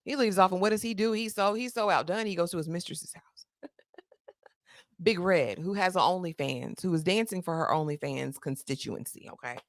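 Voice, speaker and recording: Sassy chatty woman, low voice. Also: normal speed, dry recording, clean studio sound. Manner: sassy, chatty, slangy asides. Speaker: TV recap host. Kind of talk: casual episode recap.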